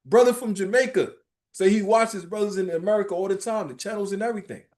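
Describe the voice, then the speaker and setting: A man with a high-pitched voice teaches a religious class quickly, preaching informally and emphatically. He tells lively, streetwise stories and keeps checking in by asking "right?"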